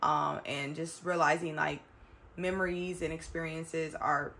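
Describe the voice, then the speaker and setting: This woman in her thirties has a deep, level voice with vocal fry, sounding pushed and bright as she speaks unhurriedly. A vlogger, she chats emphatically and reflectively to camera, often saying y'all to her viewers.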